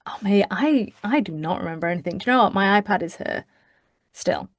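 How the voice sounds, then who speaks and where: A woman co-hosting a casual podcast, talking at a middle pitch in a brisk, teasing way. She keeps pulling the chat back to the point. The sound is dry and close, with no room around it. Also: lively intonation, dry recording. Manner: brisk, teasing, steers the talk back on track. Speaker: podcast co-host.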